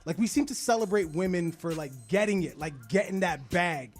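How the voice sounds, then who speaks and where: A man's voice: sits high, lively intonation, a little fast, faint music behind. A man co-hosting a radio interview, asking blunt, probing questions. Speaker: radio co-host.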